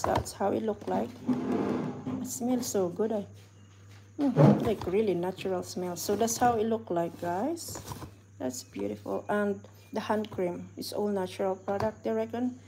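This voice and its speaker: A woman talking through an unboxing vlog in an upbeat, chatty way, using simple phrasing. Her pitch sits in an ordinary middle range. The recording carries clear background noise. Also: dark tone. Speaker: vlogger. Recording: noisy home video recording.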